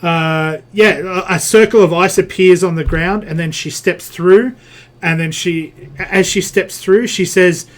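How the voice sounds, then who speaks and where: A man's voice: high-pitched, steady tone, a little slow. A man running a tabletop game as game master, hesitant and full of fillers as he works out dice math.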